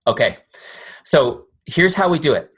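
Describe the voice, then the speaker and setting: A man's voice: on the high side, expressive, measured pace, fairly bright tone, slightly rough. A man giving a casual live training over a video call, telling stories and often checking that his listeners follow. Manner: chatty, storytelling, asks "make sense?" often. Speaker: software founder teaching a training.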